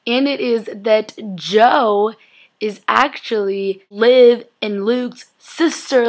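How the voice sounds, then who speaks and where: A young woman recapping a TV episode in a chatty, excitable way, full of "like" and acted-out quotes. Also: fairly high pitch, takes it slowly. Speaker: vlogger.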